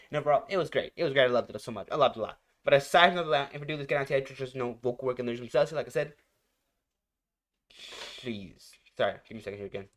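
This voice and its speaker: A man's voice: medium pitch, fairly bright tone. A man hosting a reaction channel, rambling casually, repeating phrases and searching for words as he reviews a song. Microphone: headphones.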